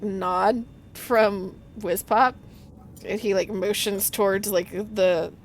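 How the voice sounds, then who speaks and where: A woman's voice: medium pitch, a little hiss or hum. A woman narrating as game master of a tabletop game, with many fillers and restarts. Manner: hesitant, filler-heavy narration.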